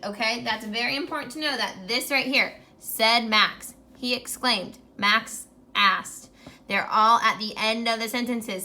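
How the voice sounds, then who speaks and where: A female teacher records a grammar lesson for young students, speaking clearly and encouragingly and slowing down as she writes on a whiteboard. Her voice is slightly high, pushed and bright, with a bit of hiss or hum in the background.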